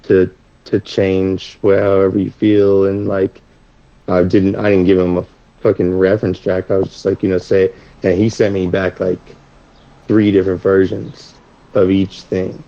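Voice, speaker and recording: A man's voice: low-pitched, level tone, moderate pace, creaky, mellow, lo-fi sound. A man appearing as a guest rapper, talking in a rambling way with lots of restarts and swearing. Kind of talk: casual chat.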